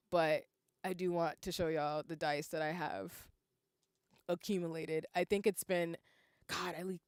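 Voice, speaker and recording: A young woman, chatting casually on a livestream while she works on lace, saying y'all a lot and breaking into excited squeals. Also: deep voice, dry recording, clean studio sound. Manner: chatty, says "y'all" often, bursts into squealing yells. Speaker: streamer.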